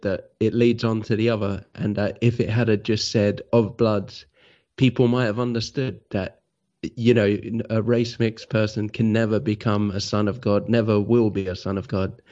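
A man's voice: lowish voice, steady tone, moderate pace, darkish tone, dull audio. A man in a casual chat, speaking hesitantly and echoing the other speaker. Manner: hesitant, adds to the host's point.

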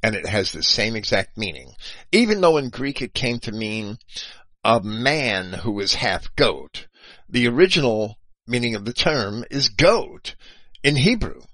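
A man giving an unscripted explanatory monologue, lecturing in a halting way with frequent restarts and self-corrections and spelling terms out letter by letter. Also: mid-range voice, very animated, fairly bright tone, no room sound, rough recording. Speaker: video host.

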